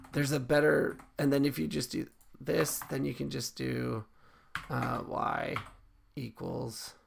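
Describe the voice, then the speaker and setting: Over keyboard typing and clicks, a man with a mid-range, vocal-fried voice and a faint hiss or hum on the recording codes a game live for his viewers. He's laid-back and talkative, reasoning out loud and often revising what he's saying mid-sentence.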